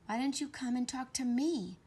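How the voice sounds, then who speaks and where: A woman reading aloud, voicing a kind grown man who talks gently and tenderly to children in a storybook. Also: high voice, moderate pace, slightly rough, pitched above the performer's own voice. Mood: urgent.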